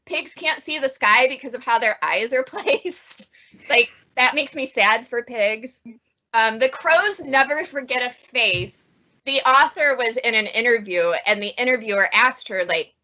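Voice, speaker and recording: Chatty bright-voiced woman librarian. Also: fairly high pitch, a little slow, lo-fi sound. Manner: chatty, laughs often, animated. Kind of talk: casual book review chat.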